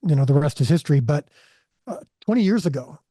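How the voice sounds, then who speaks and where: A man's voice: on the high side, lively intonation, quick pace, dark tone, husky, no echo, studio quality. A man guest on a podcast interview, telling a personal story earnestly and with animation, often restarting his sentences. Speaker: filmmaker guest.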